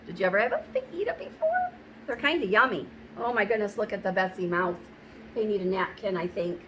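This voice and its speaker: Gentle sing-song woman teacher. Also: medium pitch, very animated, a little hiss or hum. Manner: gentle, sing-song, slow for small children. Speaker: kindergarten teacher. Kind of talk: welcome video and read-aloud for young children.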